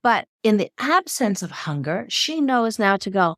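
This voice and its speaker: A woman guest on a podcast interview who explains her ideas in an expressive, storytelling way. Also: medium pitch, measured pace, dry recording, clean studio sound. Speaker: podcast guest, eating expert. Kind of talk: conversational explanation.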